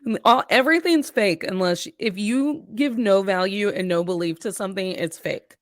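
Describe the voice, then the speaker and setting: A woman co-hosting a podcast in casual chat, telling stories in a playful, animated way. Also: mid-range voice, moderate pace, no room sound, studio quality. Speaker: podcast co-host.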